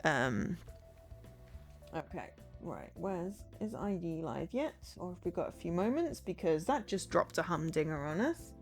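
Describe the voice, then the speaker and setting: A woman's voice: lowish voice, sing-song, unhurried, faint music behind. A woman streamer giving casual game commentary, chatty and thinking aloud.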